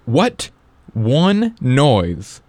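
A man's voice: medium pitch, wildly swooping pitch, drawn-out words, darkish tone, dry recording. A man hosting a radio show talks in a loose, easygoing way and rambles through his thoughts. His voice sits mid-range. The recording is dry and close. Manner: easygoing, rambling, lots of fillers. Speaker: radio host. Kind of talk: casual chat.

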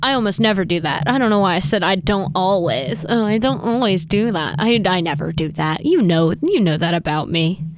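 A woman's voice: on the low side, animated. A young adult woman hosting a show, talking in a casual, rambling way with lots of tangents and self-mocking asides. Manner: chatty, tangent-prone, self-mocking, quick laughs. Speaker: radio show host.

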